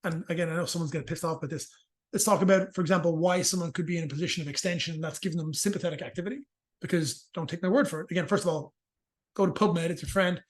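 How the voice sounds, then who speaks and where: A man with a high, quick voice explains breathing and stress in a relaxed interview. He jokes and swears as he goes, rattling through the details. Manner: fast, profane, joking explanations. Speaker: movement and rehabilitation practitioner, guest. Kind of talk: casual explanatory interview talk.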